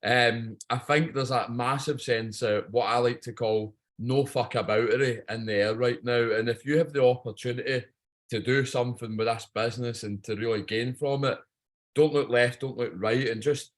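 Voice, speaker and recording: A man's voice: mid-range voice, steady tone, moderate pace. A Scottish man giving a blunt, jokey, swearing pep talk on a video training call. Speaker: guest speaker on a training call.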